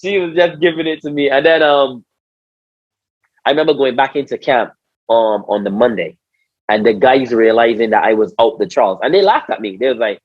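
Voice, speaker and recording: A man with a Barbadian accent, a former cricketer, tells stories animatedly in a casual interview, repeating words, acting out what people said, and calling people "bro." His mid-range voice moves at normal speed, with no echo. The podcast audio is dry and slightly dull.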